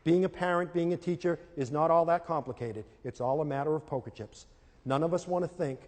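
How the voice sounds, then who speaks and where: A man's voice: mid-range voice, darkish tone. A middle-aged man giving a live lecture on parenting and teaching to an audience. He tells stories with animation and acts out scenes in character. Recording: hall with long reverb.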